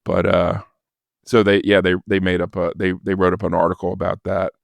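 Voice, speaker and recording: A man's voice: low-pitched, fairly quick, creaky, no echo, studio quality. An older man, a podcast guest, casually telling an anecdote and acting out the voices of the people in it. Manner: lively storyteller who acts out quoted voices. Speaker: podcast guest, former record store manager.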